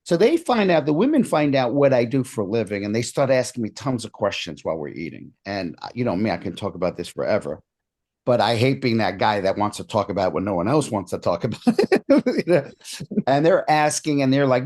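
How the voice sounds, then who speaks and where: A man with a mid-range voice tells a personal story on an interview show. His pitch leaps up when he quotes other people and drops low for his own doubts. He sounds casual and animated. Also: brisk. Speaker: podcast guest, hypnotist.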